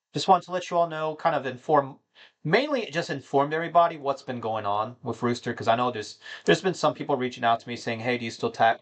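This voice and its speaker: A man's medium-pitched, slightly bright voice carries a casual monologue for his gaming channel's viewers. He rambles in a somber, disappointed mood, with frequent fillers and restarts.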